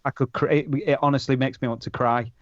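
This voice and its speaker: A man's voice: medium pitch, flat delivery, quick pace, no echo. A man hosting a chat show, talking heartfelt and emotional. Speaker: podcast host. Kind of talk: casual chat. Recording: dry, dull lo-fi recording.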